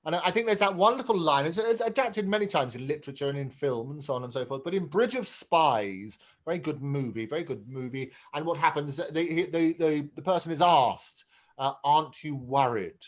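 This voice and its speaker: A man's voice: a little high, fairly quick. A middle-aged man hosting a chat show, enthusiastic and prone to repeating words while he gathers his thoughts. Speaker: host. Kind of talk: casual chat.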